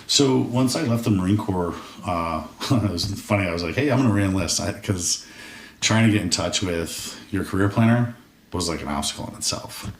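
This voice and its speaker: Speaking at a moderate pace in a low-pitched voice, a man in his forties who served in the military shares his story as a podcast guest. He's frank, casual, and swears, voicing his old thoughts as quoted asides. The studio recording is roomy, with faint noise from a far-off mic.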